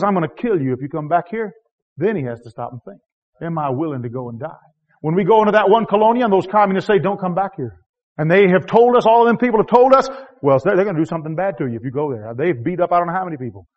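A man preaching a sermon in a folksy, self-deprecating way, with rhetorical questions, swinging from loud, high exhortation to quiet, low asides. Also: lively intonation, quick pace, highs cut off.

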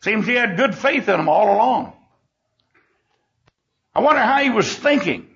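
An older man teaches a Bible lesson in a high, lively voice full of gravelly fry. His folksy telling turns emotional as he acts out the scenes, with a husky edge on the dull lo-fi recording. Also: normal speed.

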